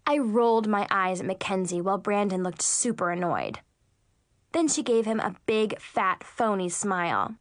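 A woman reading a storybook aloud in the first person, chatty and expressive. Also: medium pitch, normal speed, no echo, studio quality. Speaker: audiobook narrator.

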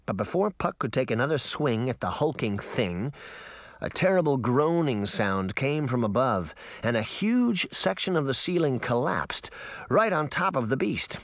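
A male narrator reading a fantasy adventure in an expressive, dramatic style. His voice rises and falls with lively intonation. The recording is close and dry, with no room sound. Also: medium pitch, unhurried, no echo. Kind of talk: audiobook narration.

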